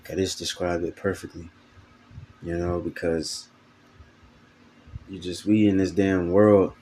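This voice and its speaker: A man's voice: low voice, little pitch movement, unhurried, dark tone, slight background noise. A man giving an informal video sermon, casual and profane, full of fillers, reading scripture aloud between comments. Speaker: preacher.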